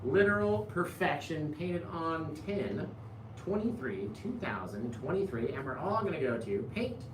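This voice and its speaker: A man's voice: on the high side, expressive, unhurried, reverberant, background noise. A man hosting a live painting show, chatting casually with viewers, reading their comments aloud and laughing often.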